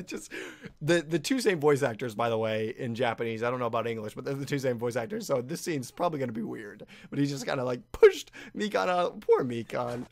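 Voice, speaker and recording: Excitable young man reacting to anime. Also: fairly high pitch, dry recording, clean studio sound. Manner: excited, laughing, mimics characters in quick asides. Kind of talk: casual reaction commentary.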